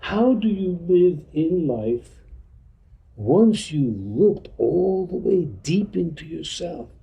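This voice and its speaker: A man's voice: on the high side, very animated, takes it slowly, vocal fry, warm tone. A man giving an informal teaching talk to a group in a meeting room, blunt and full of street slang, acting out little dialogues. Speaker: spiritual teacher.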